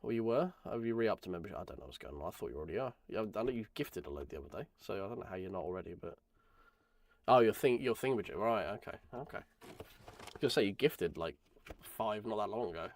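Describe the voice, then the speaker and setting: Croaky hoarse man streaming. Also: on the low side, expressive, fast talker. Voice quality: croaky, gravelly. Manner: rambling, self-deprecating. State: hoarse from a chest infection. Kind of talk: casual live-stream chat while building.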